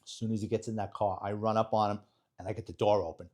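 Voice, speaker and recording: A man's voice: fairly low pitch, quick pace. A middle-aged man, a retired police detective telling a blunt, profane war story as a podcast guest. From New York. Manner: animated, blunt, profane storyteller who acts out dialogue.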